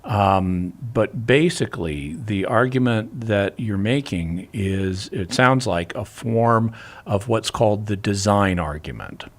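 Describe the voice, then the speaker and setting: Low-voiced man explaining theology. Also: lively intonation. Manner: explanatory, measured, some restarts. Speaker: apologist answering callers. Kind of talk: radio call-in Q&A.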